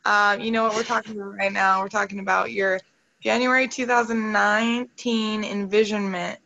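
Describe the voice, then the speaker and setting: A woman's voice: medium pitch, fairly even intonation, moderate pace, vocal fry, bright, forceful tone, muffled recording. A woman hosting a motivational video call, upbeat and emotional as she talks straight to her group.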